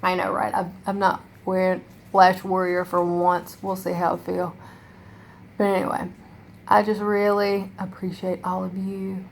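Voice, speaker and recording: A woman's voice: fairly low pitch, little pitch movement, measured pace, creaky, slight background noise. Rambling emotional young woman vlogger. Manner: rambling, emotional, heavy use of "like" and profanity. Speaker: makeup vlogger. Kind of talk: casual rambling monologue to camera.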